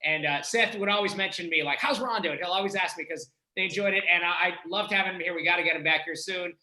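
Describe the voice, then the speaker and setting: A man hosts a virtual comedy show and introduces each comedian in an enthusiastic, rambling way. His voice is high and very bright. The sound comes over a video call from an echoey room. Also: fairly even intonation, quick pace. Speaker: host.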